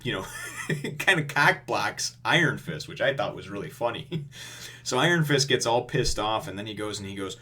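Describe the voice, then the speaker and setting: A man's voice: on the low side, expressive, moderate pace, sharp tone, husky. A man giving a casual, rambling review of a comic chapter, full of fillers and chuckles.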